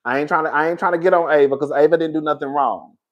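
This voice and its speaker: A fast-talking reality TV commentator with a fairly high voice records a loose, candid commentary vlog with lo-fi sound. Profanity comes easily as he rambles, restarts his sentences, and wanders into asides before returning to his point.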